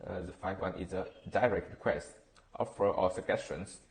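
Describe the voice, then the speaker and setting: A man with a Vietnamese accent reading a class presentation on intonation, halting with fillers and self-corrections. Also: sits low. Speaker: student presenter.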